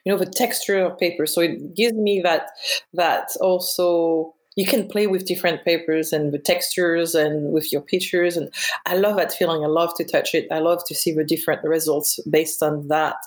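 A woman's voice: low voice, fairly even intonation, normal speed. A middle-aged woman with a French accent. She is a guest photographer in an interview, talking reflectively and searching for her words. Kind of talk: interview conversation.

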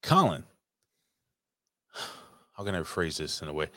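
A man's voice: extremely low pitch, big pitch swings, slow, pushed and bright, no echo. A man hosting a casual chat over a remote call, blunt, profane and teasing. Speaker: podcast host.

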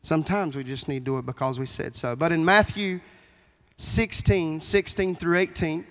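A man preaching a folksy sermon as pastor, with a high voice. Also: steady tone, normal speed, a bit bright. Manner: folksy preaching with Southern phrasing. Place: church sanctuary. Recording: long hall reverb in a church.

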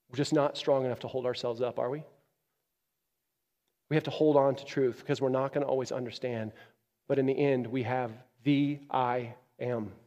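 Male pastor, sermon, swings between loud emphatic peaks and quiet low stretches, mid-pitched voice, long hall reverb. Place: church.

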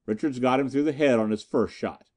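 A man's voice: medium pitch, fairly quick, darkish tone, natural voice. A man doing a blunt male agent.

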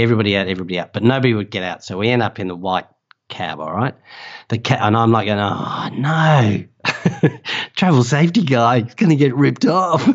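An Australian man, a travel safety writer, telling a story in a casual, animated way and laughing often. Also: fairly low pitch, lo-fi sound. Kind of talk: casual anecdote.

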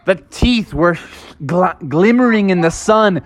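Animated man telling a children's story. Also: high voice, unhurried, slight background noise. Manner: animated, dramatic, playful.

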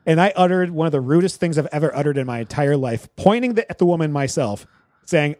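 A man co-hosting a movie podcast, telling stories in an animated way and laughing often. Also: fairly high pitch, quick pace, no room sound, studio quality. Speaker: podcast co-host. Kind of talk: casual movie review chat.

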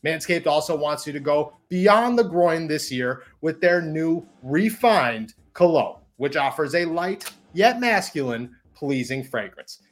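A man hosting a sports podcast, reading an ad and chatting with quick enthusiasm. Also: on the high side. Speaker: podcast host. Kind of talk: sports podcast chat and read ad.

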